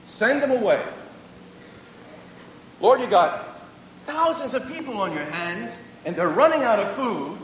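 Earnest man giving a sermon, animated delivery, distant mic with faint rumble. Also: moderate pace, roomy sound, in a large hall. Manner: earnest, repeats phrases for emphasis. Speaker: preacher.

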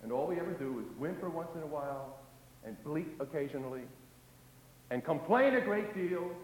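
A man preaching a sermon, swinging between loud emphasis and hushed asides, and acting out the voices of doubters and psalm prayers. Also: fairly high pitch, expressive, normal speed, echoey room, big-room sound, a little hiss or hum, rough recording.

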